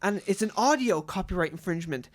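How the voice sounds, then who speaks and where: A man's voice: sits high, lively intonation, fast talker. A man co-hosting a podcast in casual chat, eagerly rambling through stories. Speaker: podcast co-host.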